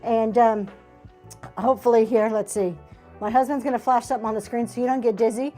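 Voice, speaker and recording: Over faint background music, a woman with a high, steady, warm voice runs a live online auction at a brisk pace. She gushes about every vintage item she shows, peppering her casual sales chatter with plenty of "y'all" and "um."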